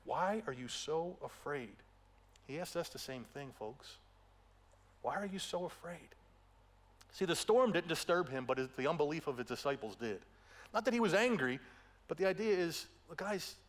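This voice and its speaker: A male pastor preaching a conversational sermon, often asking "right?" and swinging between raised emphasis and quiet, intimate asides. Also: a little high. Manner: conversational preaching with tag questions, swings between loud and hushed.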